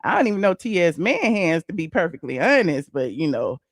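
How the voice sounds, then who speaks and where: This livestream host is a woman broadcasting from a small home room through a desk computer mic, no echo. Her lowish voice is very animated and fairly quick as she chats with the chat, calling viewers child and honey.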